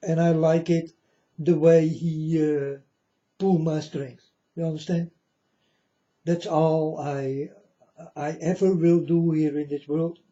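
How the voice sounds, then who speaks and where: Slow, dark-voiced man preaching to viewers. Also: a little high, little pitch movement, muffled recording. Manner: slow, repetitive, keeps asking "you understand?". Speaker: channel host. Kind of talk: religious monologue to viewers.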